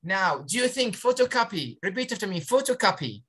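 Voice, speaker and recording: A woman's voice: medium pitch, animated, brisk, fairly bright tone, breathy edge. A woman teaching an online spelling lesson on a video call, encouraging her pupils and sounding out syllables.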